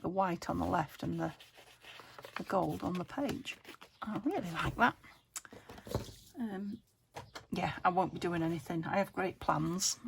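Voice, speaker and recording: British woman, craft host, lowish croaky voice, casual running chat with muttered asides. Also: slight background noise. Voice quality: a bit croaky. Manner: chatty, talks to her materials, murmured asides, frequent laughs.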